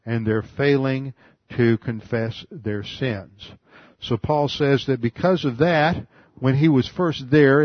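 A man's voice: medium pitch, dry recording. Methodical man teaching Greek words, lo-fi. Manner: methodical, spells out Greek words, repeats key points. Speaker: Bible teacher. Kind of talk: expository Bible teaching. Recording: dull lo-fi dry recording.

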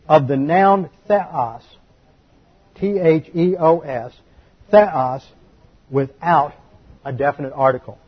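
On a dull, lo-fi recording, a man preaches in a voice that sits on the high side with a breathy edge. He's a pastor giving a teaching sermon, forceful and orderly, spelling out terms and repeating numbers for his congregation to note.

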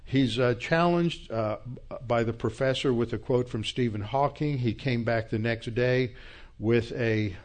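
A man's voice: medium pitch, measured pace. A man teaching a church Bible class in a conversational, reflective lecturing style and closing in prayer.

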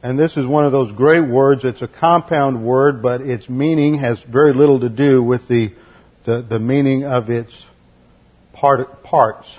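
A man teaching an expository Bible study in a deliberate, lecturing way, spelling out Greek words letter by letter. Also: mid-range voice, steady tone, breathy edge. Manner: lecturing, corrects translations. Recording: slightly muffled lo-fi recording.

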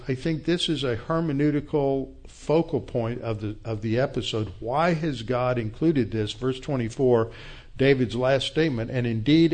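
A man's voice: mid-range voice, a little mellow. A man teaching through a Bible passage as a pastor, explaining verse by verse in a conversational way with asides.

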